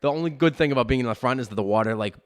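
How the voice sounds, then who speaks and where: A man's voice: mid-range voice, rapid-fire, clear, resonant tone. A man, telling a long, profane, rambling story in casual podcast chat. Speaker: podcast host.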